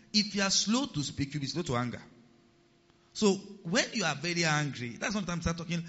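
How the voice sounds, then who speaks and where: A pastor, his voice sitting a bit high for a man, preaches with animated swings between loud emphasis and hushed asides. He keeps checking in with his congregation. The sound carries a long hall reverb and a slightly dull, muffled tone. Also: brisk. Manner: animated preaching, rising and dropping in loudness, asks the congregation questions. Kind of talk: sermon.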